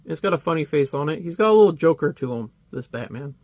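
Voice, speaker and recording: A man's voice: fairly high pitch, animated, fast talker, a little mellow, dry recording. A man casually reviewing a comic, chatty and wry, with many fillers.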